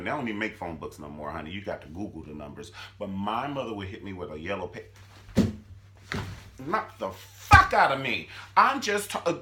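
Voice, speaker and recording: A man giving a sassy, animated comedic recap of a TV drama, swooping between squeals and low mutters. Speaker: vlogger reviewing a TV drama.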